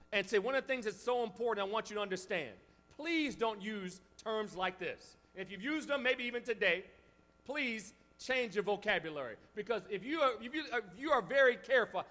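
A male pastor delivers a sermon in a fairly high voice. He builds to shouted climaxes, then drops to quiet, confiding asides. The voice rings out with the long reverb of a large hall. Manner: preaching with rising shouts and sudden quiet asides.

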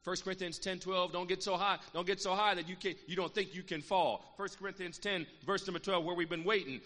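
A middle-aged man preaching a sermon, calling out to the congregation and swinging between loud exhortation and quiet, earnest asides. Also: high voice, a little fast, hardly any pauses. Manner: call-and-response preaching, calls out "Amen" and "saints". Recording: long reverb of a large hall, faint room noise.

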